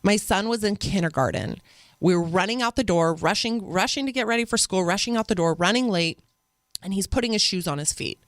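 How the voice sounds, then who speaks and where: A woman guest on an interview show, a mother telling stories in an earnest, animated way. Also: mid-range voice, a little fast, no echo. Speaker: podcast guest. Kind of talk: conversational interview storytelling.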